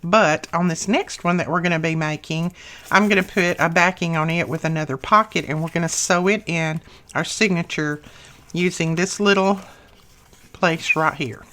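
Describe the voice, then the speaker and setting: A woman with a somewhat low voice hosts a relaxed crafting tutorial. She explains each step plainly and chattily, thinking aloud and dropping small asides as she works. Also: moderate pace, slight background noise. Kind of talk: casual step-by-step craft demonstration.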